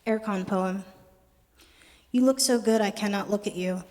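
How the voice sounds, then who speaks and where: A young adult poet giving a poetry reading with a wry, conversational, deadpan delivery. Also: mid-range voice, unhurried. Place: art gallery performance space. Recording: long reverb of a gallery hall.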